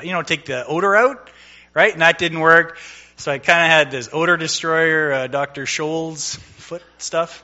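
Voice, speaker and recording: A man's voice: a little high, moderate pace, pushed and bright, highs cut off. A middle-aged man preaching a sermon in a conversational way, telling a personal story and acting out the dialogue. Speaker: pastor.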